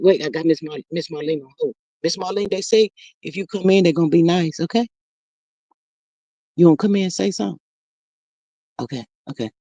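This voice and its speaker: A woman's voice: medium pitch, dry recording, dull audio. A woman hosting a casual livestream, greeting viewers by name and chatting playfully. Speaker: livestream host reading chat.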